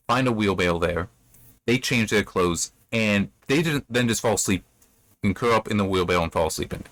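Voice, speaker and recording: A man recounts a book chapter's plot for his review channel in a casual, rambling manner, livening it up with mock voices. His low voice has a fairly bright tone, recorded with no room sound.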